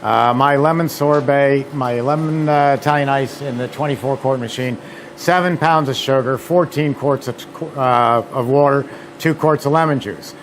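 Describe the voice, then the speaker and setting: A man's voice: medium pitch, normal speed, a little hiss or hum. A man presenting at a seminar, telling anecdotes in a chatty, filler-laden way. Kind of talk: demonstration talk.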